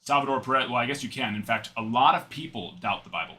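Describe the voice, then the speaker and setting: A man's voice: mid-range voice, quick pace, sharp tone. A young adult man hosting a live card-break stream, chatting and rambling in asides while he reads out cards.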